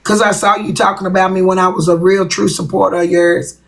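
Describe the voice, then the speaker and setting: A woman's voice: medium pitch, level tone, brisk, creaky. A woman hosting a livestream, talking bluntly and profanely to her viewers in a confrontational rant. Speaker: livestream host.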